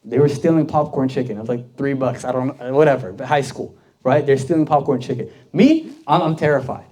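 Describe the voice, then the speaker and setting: Brisk and a little mellow at medium pitch, this young deacon tells stories in a laid-back sermon for a youth group. His delivery is chatty, packed with fillers and questions aimed at his listeners.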